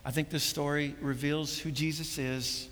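Bright-voiced preacher in a reverberant hall. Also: male voice, on the high side, little pitch movement, normal speed, slight background noise. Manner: earnest, building to emphatic preaching, repeats words. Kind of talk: sermon.

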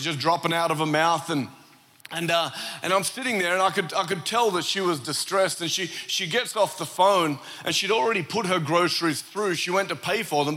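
An Australian man preaching a lively sermon, telling a story with asides and humor. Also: fairly high pitch. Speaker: pastor. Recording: long church hall reverb.

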